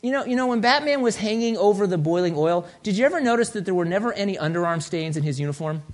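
A male pastor preaching a sermon in a conversational, joking way, swinging between loud and soft. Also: high voice, animated, quick pace.

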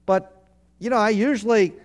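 A man's voice: high voice, moderate pace. A man, a pastor, preaching a sermon, leading his congregation to repeat phrases back, with earnest, repetitive emphasis.

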